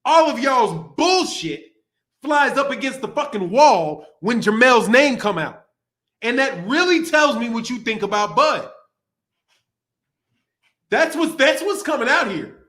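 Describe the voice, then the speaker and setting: Man, very high voice, forceful, heated profane boxing rant. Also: animated, unhurried, pauses often. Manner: heated, profane, laughing, repetitive. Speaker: boxing channel host. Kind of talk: livestream commentary rant.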